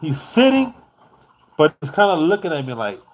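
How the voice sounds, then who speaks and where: Animated, profane man telling a story. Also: fairly high pitch, moderate pace. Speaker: vlogger. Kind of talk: casual storytelling vlog.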